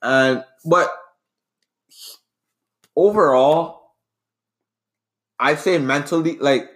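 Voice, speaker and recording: A man's voice: fairly high pitch, extremely slow, fairly bright tone. A man arguing his side in a casual sports debate, earnest and rambling with frequent restarts. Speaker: debate co-host.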